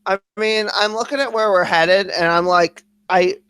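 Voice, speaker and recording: A man rants through a casual podcast stream, swearing nearly every sentence. His voice sits a little high and comes across dry and close, with no room sound around it. He talks quickly and with lots of energy. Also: clean tone, no echo. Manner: heavy cursing, ranting; fast, animated venting. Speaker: podcast co-host. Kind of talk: casual livestream chat.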